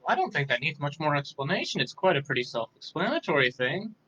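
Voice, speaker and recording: Young man, guest in a live chat; dry wit, soft delivery, bright and somewhat high voice, tired. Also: sing-song, fast talker, dull audio. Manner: dry, self-deprecating humor, softly spoken. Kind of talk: casual live interview.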